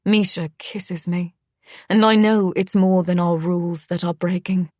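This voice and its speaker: A woman narrating a first-person romance audiobook with emotive, soft delivery that turns breathy at tender moments. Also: on the low side, steady tone, measured pace, no echo, studio quality.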